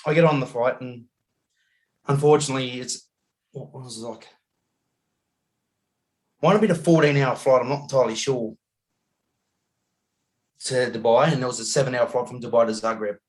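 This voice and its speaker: An Australian man telling a travel story as a podcast guest over a video call, animated and laughing often, acting out the people he met. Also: medium pitch, normal speed, pauses often. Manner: animated yarn-spinning, acts out voices, laughs often.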